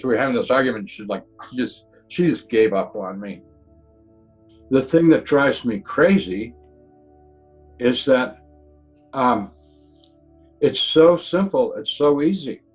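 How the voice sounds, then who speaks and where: Man, earnest storyteller, rambles and restarts, dull lo-fi sound, faint music underneath; plain testimony read. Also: medium pitch. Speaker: near-death experience witness.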